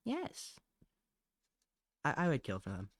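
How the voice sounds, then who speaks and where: A man's voice: medium pitch, huge pitch swings, slow, no echo. A chatty man talks his way through a live drawing stream in a medium voice. He rambles from thought to thought and breaks into laughs often. His voice sounds dry and close, with no room around it. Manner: mutters to himself while drawing. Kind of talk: casual live-stream chat.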